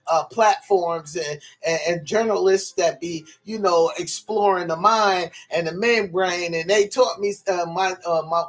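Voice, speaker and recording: A man talking casually to his viewers in a rambling, profane way, high and tired, laughing often. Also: a bit bright. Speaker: vlogger.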